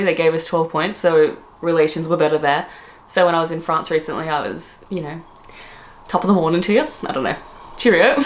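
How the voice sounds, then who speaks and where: A young woman from the UK talks straight to her viewers in a casual vlog. Her voice sits a little low for a woman. She sounds opinionated and blunt, and her talk is loose and full of "like". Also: fairly bright tone. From United Kingdom. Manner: chatty and outspoken, many "like" fillers. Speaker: vlogger.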